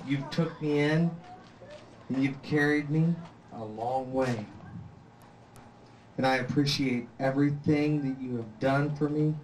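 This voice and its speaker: A man giving a halting, heartfelt birthday toast, repeating himself as he speaks. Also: mid-range voice, slight background noise. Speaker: toast giver at a birthday party. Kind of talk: emotional speech. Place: room at a family party. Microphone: far camcorder. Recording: echoey room from far off, chatter.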